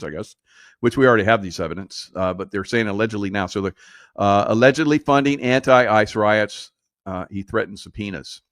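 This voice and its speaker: A man's voice: on the low side, a bit bright, dry recording. Guy riffing on the news, sarcastic, laughs at his own jokes, dry mic. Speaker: political commentary host. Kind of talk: casual solo commentary.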